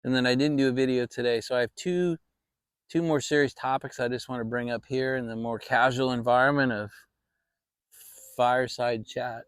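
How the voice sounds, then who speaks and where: A man's voice: medium pitch, fairly even intonation, moderate pace, clear, resonant tone, no echo, studio quality. A man hosting a casual fireside chat vlog, talking in a rambling, reflective way with many restarts. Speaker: channel host.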